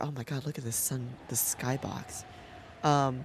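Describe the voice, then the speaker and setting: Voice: mid-range voice, steady tone, a little slow, slight background noise. A gaming creator giving casual gameplay commentary, chatty and rambling, who swears freely and laughs often. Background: game music.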